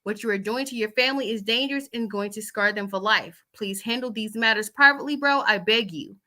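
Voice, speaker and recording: A woman's voice: medium pitch, fairly quick, sharp tone. A woman chatting casually as host, reading out text messages with loose asides.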